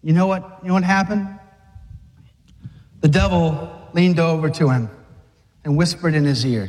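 A man's voice: a little high, normal speed, long pauses, darkish tone. A male preacher delivering a fervent, exhorting sermon, recorded with a long hall reverb.

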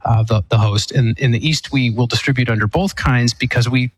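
A man's voice: medium pitch, fairly even intonation, a little fast, breathy edge, no echo, low-quality recording. A man who is an Eastern Catholic priest, explaining church teaching on a call-in show with many restarts and fillers. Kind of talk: answering a caller's question.

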